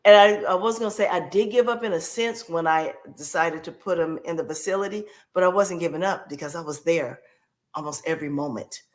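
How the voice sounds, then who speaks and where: A woman's voice: on the low side, brisk. A woman guest on a podcast, telling a personal caregiving story in a heartfelt way and repeating key phrases for emphasis.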